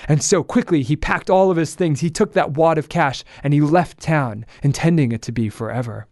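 Male storyteller, steady plain narration, higher register, dry studio sound. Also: normal speed, no room sound. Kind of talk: scripted narration.

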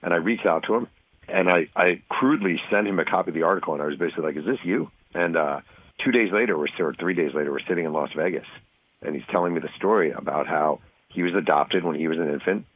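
A man from New York, an author talking as a guest in an interview, telling a story quickly and acting out the voices of the people in it. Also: sits low, low-quality recording. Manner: fast, animated storytelling, acting out quoted voices.

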